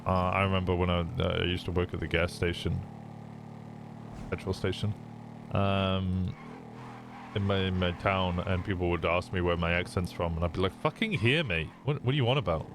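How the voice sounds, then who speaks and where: A man's voice: deep voice, completely flat delivery, normal speed, vocal fry, pauses often, noisy background. A young man from England with a Midlands accent, chatting casually and swearing with his stream viewers. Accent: Midlands English. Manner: chatty, swearing, stumbling over words.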